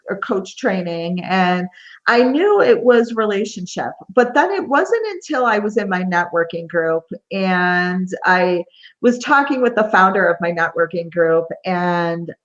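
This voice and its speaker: A woman's voice: medium pitch, expressive, a little slow, highs cut off. A woman relationship coach answering interview questions earnestly, often repeating phrases for emphasis.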